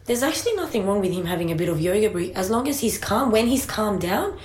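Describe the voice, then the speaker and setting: A woman's voice: medium pitch, lively intonation, fast talker. A woman in casual podcast chat, telling a parenting story at length and second-guessing herself as she goes. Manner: chatty, self-questioning storyteller. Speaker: parent sharing experience. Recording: roomy echo.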